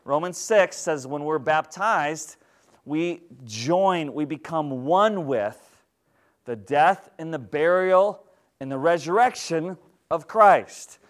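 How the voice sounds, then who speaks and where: A man preaching as pastor, teaching in a conversational, animated way and asking the congregation questions. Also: a little high, slow. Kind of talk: sermon.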